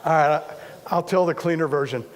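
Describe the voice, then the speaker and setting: A man's voice: fairly high pitch, a little fast, long reverb tail, crowd noise. A man preaching a sermon as a pastor, talking conversationally, repeating himself and poking fun at himself. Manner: conversational, repetitive, self-deprecating humor.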